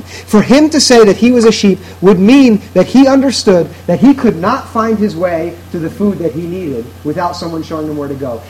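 A man's voice: high voice, darkish tone, low-quality recording. A man preaching a sermon to his congregation in an earnest, emphatic way, driving his points home through repetition. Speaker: pastor.

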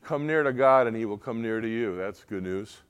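A man's voice: on the low side, normal speed, clean tone. Earnest male pastor preaching. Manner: earnest, swings from quiet confiding to loud emotional pleading. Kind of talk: sermon.

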